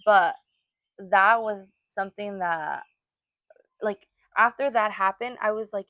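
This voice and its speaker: A young woman, pregnant or a new mother, co-hosts a casual podcast chat and tells a personal story with feeling and plenty of fillers. Her voice is medium-pitched and slow, and the audio is dull with no echo.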